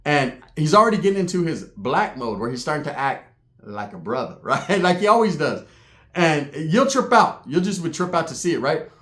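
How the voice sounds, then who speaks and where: A man with a slightly high voice tells a rowdy comic story from the streets. He swears freely and keeps checking in with "right?". The sound is echoey, as if recorded in a bare room. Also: very animated, moderate pace, fairly bright tone. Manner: profane, tags lines with "right?".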